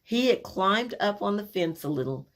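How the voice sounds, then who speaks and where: A woman telling a personal family story, animated and acting out the scenes as she goes. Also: mid-range voice, normal speed.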